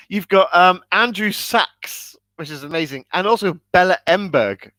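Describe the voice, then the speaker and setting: A man's voice: lively intonation, slow pace, dry recording. A man co-hosting a casual chat, enthusiastic and hiccuping as he talks about films. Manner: enthusiastic, acts out quoted lines in high shouts. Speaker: podcast co-host.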